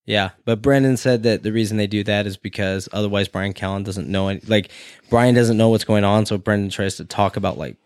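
A man's voice: lowish voice, fairly quick, clean tone, no echo, clean studio sound. A man co-hosting a casual podcast, joking around and swearing freely. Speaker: podcast co-host. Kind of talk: casual chat.

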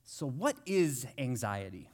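A man's voice: medium pitch, big pitch swings, slow pace, a little mellow. A man in his thirties preaching a conversational sermon as a guest, telling self-deprecating jokes and family stories. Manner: joking, self-deprecating storyteller.

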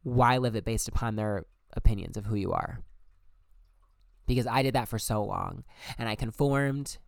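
A young man speaking in a smooth, clean voice, telling his own story in a candid, emphatic monologue. He swears freely, and the sound is dry and close. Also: fairly low pitch, moderate pace, no room sound. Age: young adult. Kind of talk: personal monologue.

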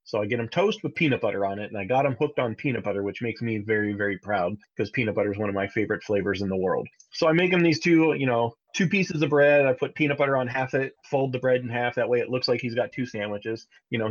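A man in his thirties co-hosting a podcast, telling a family story in a casual, animated way, sometimes jumping high to imitate his child. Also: dull audio. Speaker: podcast co-host.

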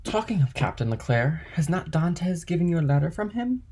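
A man voicing a scheming, envious male ship's clerk in an audiobook reading, with a husky voice. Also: a little high, big pitch swings, a little fast, darkish tone, voice pushed up, exaggerated voice. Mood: sly.

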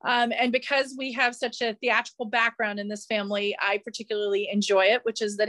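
A woman's voice: a little high, little pitch movement, a little fast, few pauses, fairly bright tone. A woman hosting a casual interview, confidently explaining with examples from home. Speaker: podcast host and parent.

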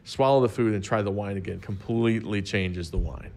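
Laid-back man explaining with a low voice. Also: fairly quick, warm tone. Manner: easygoing, explains with everyday examples. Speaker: wine expert guest. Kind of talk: casual explanatory chat.

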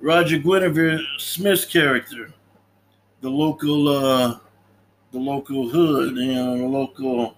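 A man's voice: medium pitch, steady tone, slow, slight background noise, low-quality recording. A man casually recapping a movie's story, loose and chatty, often acting out the characters' lines and laughing. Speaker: podcast host recapping a film. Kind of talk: casual film recap chat.

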